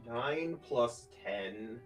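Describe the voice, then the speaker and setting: A man's voice: mid-range voice, lively intonation, extremely slow, loud music behind the voice, poor audio. A man playing a tabletop game casually, thinking aloud as he counts his dice rolls. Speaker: player.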